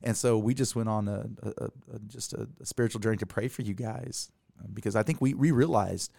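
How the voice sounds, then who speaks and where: A man's voice: fairly low pitch, a little fast, creaky, darkish tone, no room sound, studio quality. A man hosting a faith interview, rambling and repeating words with enthusiasm. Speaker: podcast host. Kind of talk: casual interview.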